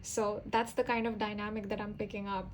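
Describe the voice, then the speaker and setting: A woman's voice: mid-range voice, level tone, a little fast, a little hiss or hum, rough recording. A young woman giving a casual tarot reading to camera, chatty and rambling, with fillers and self-corrections. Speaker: tarot reader.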